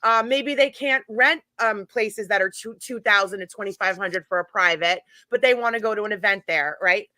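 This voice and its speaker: Brief: middle-aged woman guest, forceful, dry close mic, animated storyteller. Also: mid-range voice, moderate pace, few pauses, dry recording. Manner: animated, chatty anecdote-telling with laughs. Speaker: guest, paranormal event organizer. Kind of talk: casual storytelling chat.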